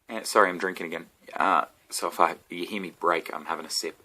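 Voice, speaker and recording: A man's voice: sits low, steady tone, fairly quick, hardly any pauses, sharp tone. An Australian man, a comedian, rambling and swearing through an off-the-cuff vlog rant with a sore throat. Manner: meandering, swearing, self-interrupting. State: sick throat.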